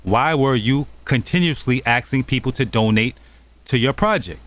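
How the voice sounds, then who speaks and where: A man's voice: mid-range voice, expressive, normal speed, a bit bright. A man hosting a channel, talking over clips in an accusatory, scolding commentary. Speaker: channel host.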